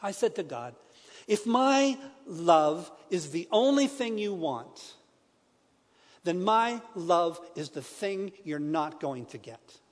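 A middle-aged man preaching a personal testimony sermon in a church, earnest, moving between hushed and emphatic. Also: high-pitched, big-room sound.

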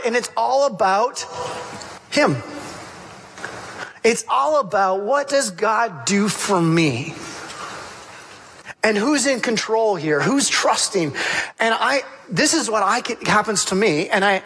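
Male pastor with a high, bright, sharp voice who preaches lively and acts out scenes. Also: slight background noise. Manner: animated storytelling, acting out the characters' lines. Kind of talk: sermon.

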